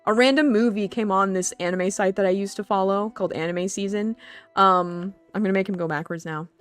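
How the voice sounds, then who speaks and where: A woman streaming live in casual chat, giggly and excitable, laughing often as she talks to her viewers. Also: medium pitch, fairly quick, clear, resonant tone, soft background music.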